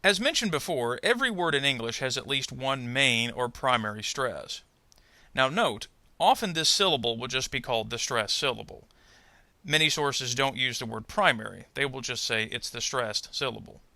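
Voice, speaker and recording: Gravelly, bright-toned man teaching pronunciation. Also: medium pitch, lively intonation, dry recording. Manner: measured, explanatory, careful. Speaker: adult ESL pronunciation teacher. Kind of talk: instructional narration.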